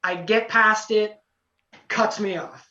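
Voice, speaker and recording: Young man rambling excitedly, distant echoey mic. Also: high-pitched, slow. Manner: excited, rambling, heavy on fillers. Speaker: podcast guest. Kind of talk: casual storytelling. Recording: roomy, distant, dull lo-fi podcast audio.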